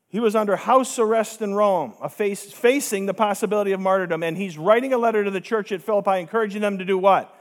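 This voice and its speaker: A man preaching a sermon, emphatic, with rhetorical questions and repetition. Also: high voice.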